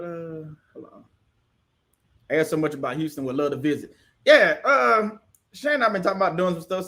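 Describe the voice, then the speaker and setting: A man's voice: a little high, a bit bright. A man from the casually hosting a livestream, chatting with viewers and answering their comments, often laughing. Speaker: livestream host.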